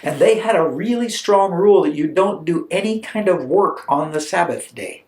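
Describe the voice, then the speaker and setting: Animated storytelling preacher, roomy echo. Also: male voice, high voice, moderate pace. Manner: animated and conversational, with asides. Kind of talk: storytelling sermon.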